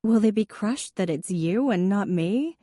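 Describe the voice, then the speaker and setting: A woman voicing a warm younger sister with a dry, wry way of talking. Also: medium pitch, animated, a little slow, dry recording, pitched above the performer's own voice.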